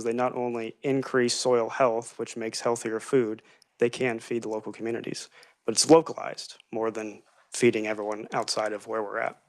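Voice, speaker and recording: A man answering questions before a legislative committee, earnest and explanatory. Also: medium pitch. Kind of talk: formal testimony.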